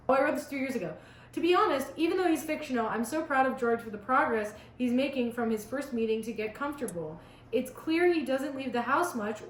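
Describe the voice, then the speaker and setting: A woman's voice: on the high side, slight background noise. A teenage girl reading her old fan story aloud, breaking off for sarcastic, chatty asides. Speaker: vlogger. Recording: roomy echo.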